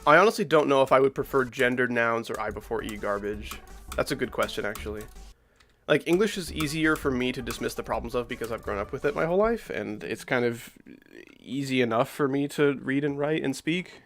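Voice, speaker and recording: A man's voice: mid-range voice, a little fast, a bit bright. A man in his thirties streaming a game from home, chatting loosely with viewers and answering chat between plays, full of filler words. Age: 30s. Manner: rambling, many "like" fillers, reacts to chat mid-play. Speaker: streamer playing requested game levels.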